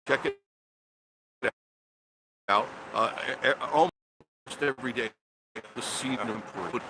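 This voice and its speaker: A man's voice: medium pitch, unhurried. Chatty older man live-streaming outdoors. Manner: chatty, greets viewers by name. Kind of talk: casual live-stream chat. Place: outdoors by a roadside attraction. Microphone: phone held for a live stream. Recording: outdoor phone stream with traffic noise.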